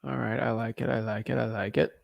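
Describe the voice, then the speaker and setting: A man who wholesales real estate, talking casually between cold calls in an animated rant and stumbling over repeated words when he gets worked up. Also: medium pitch, fast, gravelly, dry recording.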